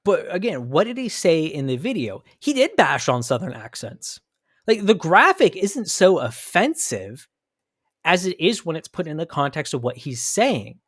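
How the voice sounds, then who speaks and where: A man's voice: on the high side, very animated, normal speed, a bit bright, no room sound, clean studio sound. An American man hosting a commentary podcast, arguing his points emphatically and thinking aloud with frequent restarts. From United States. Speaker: podcast host.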